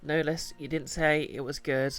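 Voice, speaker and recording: A man's voice: on the high side, level tone, normal speed, a bit bright, faint music behind. A man chatting casually while streaming a game, musing and hesitant. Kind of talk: casual gameplay commentary.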